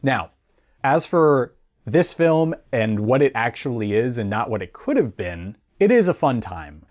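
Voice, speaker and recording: A man's voice: mid-range voice, lively intonation, a little slow, darkish tone. Man, film reviewer, casual talk, rambling, fillers, laughs a lot. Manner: rambling, chatty, laughs often, many fillers.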